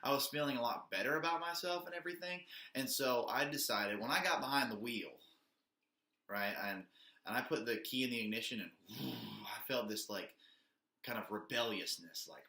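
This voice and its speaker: Guy rambling thru a story, bright voice, roomy echo, says like a lot. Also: medium pitch, a little fast. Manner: rambling, full of "like" and swearing. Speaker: vlogger telling a personal story. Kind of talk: casual storytelling. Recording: echoey room.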